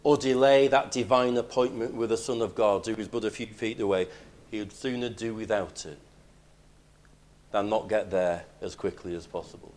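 A man preaching a sermon, emphatic, moving between loud declarations and hushed lines. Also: on the low side, normal speed.

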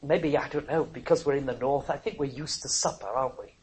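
An older preacher giving a sermon, swinging between soft pleading and loud exclamations, with frequent chuckles. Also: medium pitch, brisk, rough recording.

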